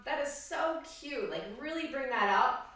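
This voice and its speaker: A woman's voice: high-pitched, animated, moderate pace. A woman oboe professor giving an encouraging, upbeat music lesson and singing rhythms aloud to show phrasing. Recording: very echoey room, distant mic.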